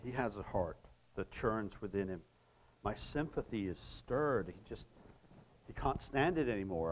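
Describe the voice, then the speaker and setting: A middle-aged man preaching a sermon, reading scripture aloud with pauses and talking to listeners in conversational asides. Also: lowish voice, animated, a little hiss or hum, rough recording.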